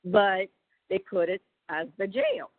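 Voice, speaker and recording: A woman's voice: medium pitch, slow pace, dry recording. A woman chatting on a phone call, retelling things in a rambling way with lots of fillers and restarts. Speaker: family member on a prison phone call. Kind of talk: casual phone chat. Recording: tinny prison phone line.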